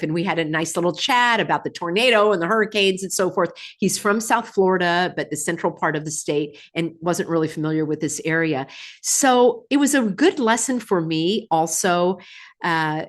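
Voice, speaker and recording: A middle-aged woman from California talking casually to her viewers, with sudden high, emphatic bursts. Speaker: vlogger. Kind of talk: casual talk to camera.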